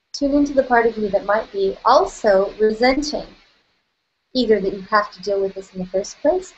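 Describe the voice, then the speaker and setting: A woman leads a guided tapping session at an unhurried pace, her voice sitting a little high. She speaks gently and playfully, often laughing. The sound is dull and slightly lo-fi.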